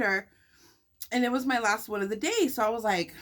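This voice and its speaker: A woman's voice: on the high side, brisk, a bit bright. A woman vlogger telling a story casually while eating, chatty and sassy, with lots of filler words and quips. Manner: chatty, sassy storyteller full of "like" and "girl, bye". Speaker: mukbang vlogger.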